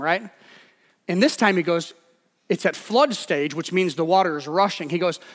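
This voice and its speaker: Male pastor, high voice, casual preaching full of acted-out asides, long hall reverb. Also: expressive, fairly bright tone. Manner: conversational preaching with quick acted-out quotes. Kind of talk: sermon.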